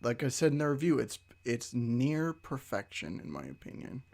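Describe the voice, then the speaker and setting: A man's voice: mid-range voice, big pitch swings, moderate pace, gravelly, a little mellow. A young man who reviews games, chatting casually and in a laid-back way, laughing as he plugs his own videos. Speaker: gaming YouTuber and co-host. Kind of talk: casual gaming chat.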